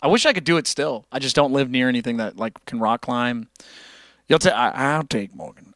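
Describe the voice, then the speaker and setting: A man's voice: mid-range voice, moderate pace, vocal fry, no echo. A man hosting a casual livestream, chatting loosely and profanely while reading out donations. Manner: loose, profane, animated, reads donations aloud. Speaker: livestream host.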